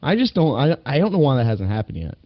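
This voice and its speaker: A man's voice: mid-range voice, big pitch swings, fast, dry recording. A man with a mid-range voice rambles through a casual political podcast, swearing and laughing between thoughts. The sound is dry and somewhat dull, like a lo-fi home recording. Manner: rambling, laughs often, profane. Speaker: podcast co-host.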